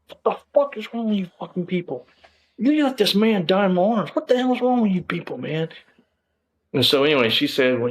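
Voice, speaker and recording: A middle-aged man, telling his story as an interview guest, bluntly and emphatically, with plenty of cursing and fillers. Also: medium pitch. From Texas.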